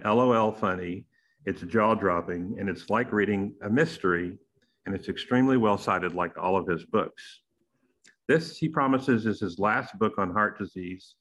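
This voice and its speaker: A middle-aged man hosting a podcast, reading a playful, emphatic intro with big jumps in pitch on key phrases. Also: a bit bright. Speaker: podcast host.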